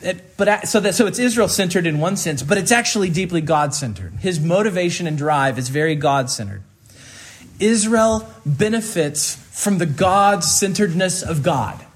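A man's voice: high voice, expressive. Emphatic man preaching a sermon. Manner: deliberate emphatic teaching, slowing on key phrases.

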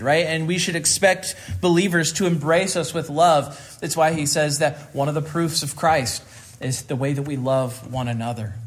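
A man from rural Kansas preaching a sermon as pastor, earnest and repeating phrases for emphasis. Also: fairly high pitch.

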